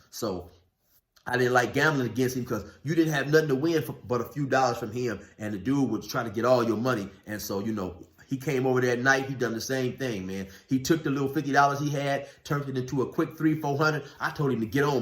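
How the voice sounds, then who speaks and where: A man casually telling a story from his past in a laid-back, drawling way, full of "man" and "you know". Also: mid-range voice. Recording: roomy echo.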